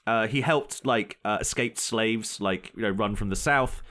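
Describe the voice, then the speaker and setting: A young man co-hosts a casual podcast and tells stories with lively energy. He breaks into laughter often between points. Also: fairly low pitch, unhurried. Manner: laughs often, animated storytelling. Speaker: podcast co-host. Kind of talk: casual chat.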